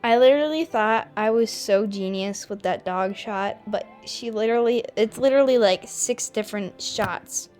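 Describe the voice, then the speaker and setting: A young woman chats casually through a reaction video, often laughing at herself and filling her speech with "like". Her voice sits at an ordinary, middle pitch. Soft music plays faintly underneath. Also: moderate pace, hardly any pauses. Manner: giggly and self-mocking, heavy use of "like".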